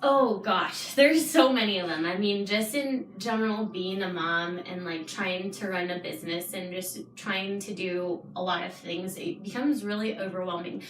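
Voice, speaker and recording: A young adult woman talks casually as a podcast guest, animated and quick to laugh. She sits a bit back from the mic. The room echoes around her voice. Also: medium pitch. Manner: animated storyteller, laughs often. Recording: roomy, distant mic.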